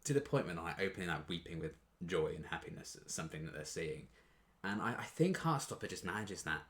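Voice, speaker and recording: A man's voice: low-pitched, big pitch swings, fast, fairly bright tone. A young man chatting casually in a reaction video, rambling and gushing with restarts and fillers.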